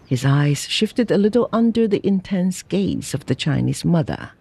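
A narrator reading a classic short story aloud in measured, unhurried storytelling. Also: medium pitch, big pitch swings, vocal fry, warm tone, slightly rough, no room sound. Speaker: audiobook narrator. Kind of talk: scripted narration.

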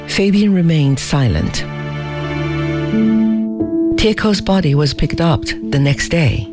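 A narrator reading a story aloud in measured, expressive audiobook style. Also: mid-range voice, poor audio. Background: music.

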